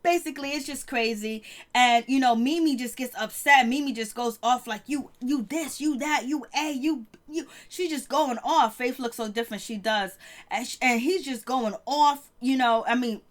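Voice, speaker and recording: A woman's voice: fairly high pitch, normal speed. A woman chatting through a reality TV episode recap, laughing often and trailing off mid-thought. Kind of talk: casual gossip recap.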